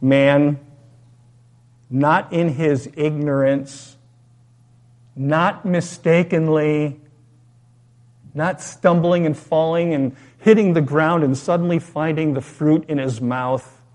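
A man preaching, his voice sitting a bit higher than most men's. He reads scripture and leads a prayer. He talks through a story in an easy, conversational way and poses rhetorical questions to his listeners. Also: steady tone, takes it slowly, pauses often, darkish tone. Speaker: pastor. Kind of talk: sermon.

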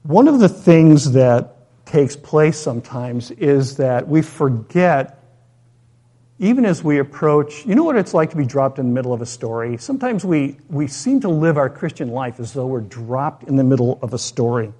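A pastor preaches a sermon, reading scripture, praying, and telling a story conversationally with rhetorical questions. His mid-range voice is animated and dark-toned at a normal speed.

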